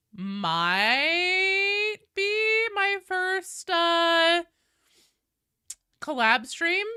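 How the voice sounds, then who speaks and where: Excitable woman streamer with a cold. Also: sits high, no echo, clean studio sound. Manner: loud, excitable greetings with profanity. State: sick with a cold. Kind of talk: casual live-stream chat.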